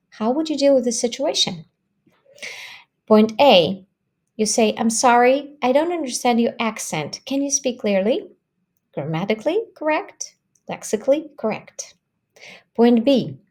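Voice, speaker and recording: A woman explaining language points as an English teacher, in a measured, instructive way, reading example phrases aloud. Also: on the high side, a little mellow. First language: Russian. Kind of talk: explanatory lesson.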